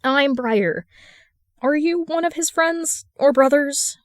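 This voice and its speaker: A woman's voice: high-pitched, takes it slowly, no room sound, clean studio sound, voice pushed up. A woman voicing Briar, a young working girl in a storybook reading, with a rising, pleading voice. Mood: relieved.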